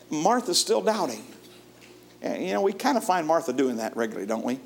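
A man preaching a sermon in a folksy way, chuckling often and moving between lively and hushed delivery. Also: high voice, fairly quick, vocal fry.

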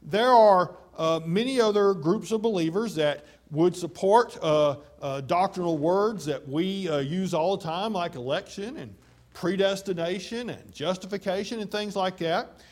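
Man preaching with slow emphasis. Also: sits high, a little mellow. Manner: measured and emphatic, slowing down on scripture; many fillers. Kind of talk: sermon.

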